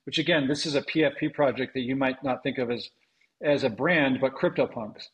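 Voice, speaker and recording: A man, a venture investor, answering interview questions in a halting, thoughtful way with many ums and restarts. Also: mid-range voice, poor audio.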